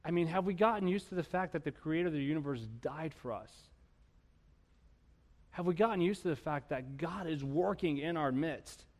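Man, pastor, sermon, raised pitch, animated storytelling, rhetorical questions, long church reverb. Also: moderate pace. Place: church sanctuary.

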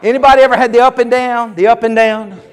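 Man preaching, high voice, fervent, repeated exclamations, long hall reverb. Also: fairly even intonation, fast, clean tone. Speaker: pastor. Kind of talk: sermon.

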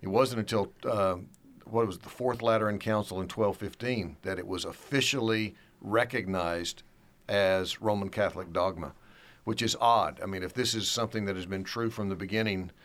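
A man in a theological discussion, explaining doctrine in a measured way and slowing down to stress key words. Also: fairly low pitch, a bit bright. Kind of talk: theological discussion, reading quotes.

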